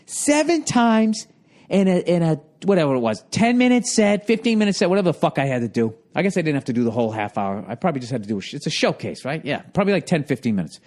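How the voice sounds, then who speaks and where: Profane, ranting man, high voice. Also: very animated, racing, few pauses. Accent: Boston. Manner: profane, exasperated storytelling, jumps into loud mock voices. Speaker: podcast host. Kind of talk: ranting monologue.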